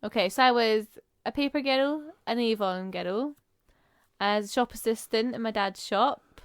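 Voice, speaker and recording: Smooth-voiced chatty woman. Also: on the high side, normal speed, no echo, clean studio sound. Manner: chatty, listing things briefly. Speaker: podcast co-host. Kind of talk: casual chat.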